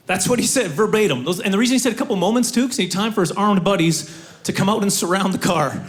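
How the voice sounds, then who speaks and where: A man from Canada doing an animated stand-up set, full of fillers and sudden loud outbursts. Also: high-pitched, brisk. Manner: animated, acts out voices, loud bursts and many fillers. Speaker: stand-up comedian. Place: comedy club stage before a laughing audience.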